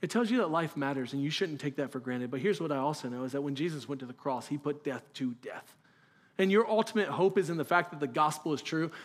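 Male pastor, high-pitched voice, earnest conversational sermon, rhetorical questions. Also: fast talker.

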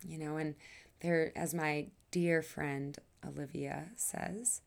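A woman's voice: sits low, fairly even intonation, slow, gravelly. A woman hosting her own podcast, talking earnestly and emphatically, drawing out her phrases, sighing now and then, and swearing casually. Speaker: podcast host. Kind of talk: personal podcast monologue.

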